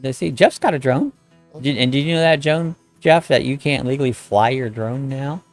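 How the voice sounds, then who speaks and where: Folksy gravelly man chatting with viewers. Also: medium pitch, normal speed, faint music behind. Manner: rambling, folksy, greets viewers by name. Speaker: host of a live chat stream. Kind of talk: casual live-stream chat, reading out viewer comments.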